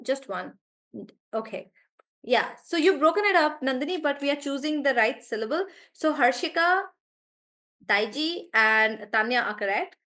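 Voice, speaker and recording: Woman, fairly high voice, pronunciation teacher, live class, drawn-out repeated words. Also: a bit bright. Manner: repeats each word slowly to model the stress; calls on students by name and checks in with them.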